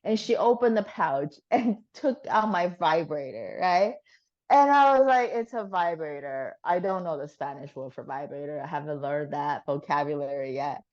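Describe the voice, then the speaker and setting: Woman guest, low voice, animated chatty storyteller who swears casually; dull lo-fi sound. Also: moderate pace.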